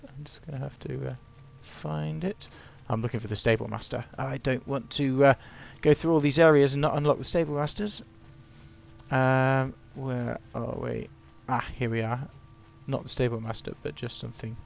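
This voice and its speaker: A man's voice: mid-range voice, moderate pace, gravelly, a little mellow. A man giving casual, playful, self-mocking commentary while narrating his gameplay.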